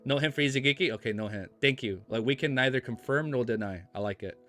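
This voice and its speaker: A man's voice: medium pitch, fast talker, a bit bright, soft background music. A young American man reading a web novel aloud on a stream, stumbling over words and chatting with viewers in a casual way. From United States.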